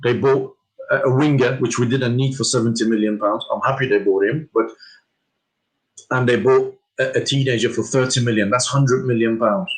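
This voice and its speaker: Man, co-host, casual fan talk, measured, slightly frustrated, mid pitch. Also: fairly even intonation, rough recording.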